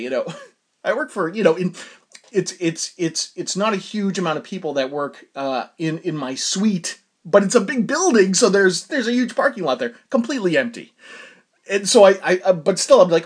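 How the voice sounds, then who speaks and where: A man's voice: high-pitched, very animated, moderate pace, husky. A man hosting his own podcast, telling a casual solo story in a chatty, self-deprecating way and laughing often. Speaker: podcast host.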